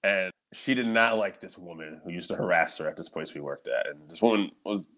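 A man co-hosting a podcast, telling stories in casual chat, animated and laughing often, with frequent swearing. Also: sits low, a little fast. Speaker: podcast co-host.

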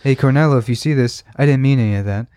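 A man's voice: medium pitch, fast, mellow, no echo. Crude, joking male podcast co-host, dry sound. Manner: joking, crude, profane banter. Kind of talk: casual podcast chat.

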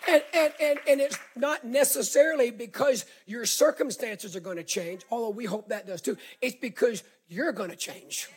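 A middle-aged male pastor with a Southern accent, preaching a sermon as an animated storyteller who repeats words and builds to shouts. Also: extremely high pitch, normal speed, few pauses, slightly rough.

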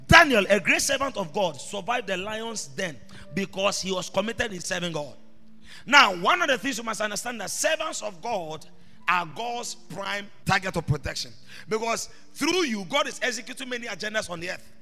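A man preaching a sermon as an apostle, shifting between quiet asides and shouted proclamations. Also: high voice. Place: church hall. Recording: reverberant church hall with music behind.

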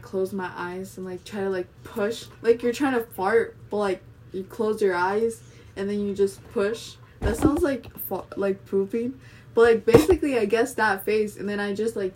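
A woman's voice: mid-range voice, a little mellow, a little hiss or hum. A young woman vlogging in a casual, rambling way, filling her talk with constant fillers. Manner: rambling, filler-heavy, chatty. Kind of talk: casual monologue vlog. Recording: voice a bit distant from the mic.

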